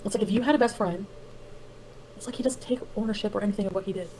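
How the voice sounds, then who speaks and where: Woman livestreamer, halting, defensive, mid-pitched voice. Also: mellow, a little hiss or hum, low-quality recording. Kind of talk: livestream talk.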